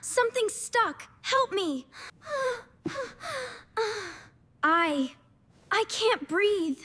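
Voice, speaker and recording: A woman doing a cheeky high-voiced cartoon boy. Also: lively intonation, slow pace, bright, forceful tone, heavily acted. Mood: panicked. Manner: teasing, then choking and pleading. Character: cheeky playful young boy. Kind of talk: slow cartoon story. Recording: reverberant room.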